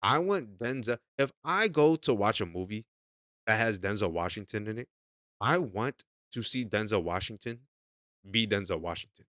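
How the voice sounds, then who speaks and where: Emphatic man, low dry voice. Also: expressive, moderate pace, fairly bright tone, no echo. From United States. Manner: emphatic, repeats himself, says "okay?" often, swears casually. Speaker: movie reviewer. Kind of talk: casual opinionated review.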